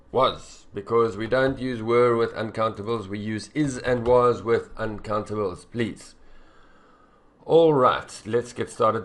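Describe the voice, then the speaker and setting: A man teaching English writing, correcting a student essay in a blunt, exasperated, emphatic way. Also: on the low side.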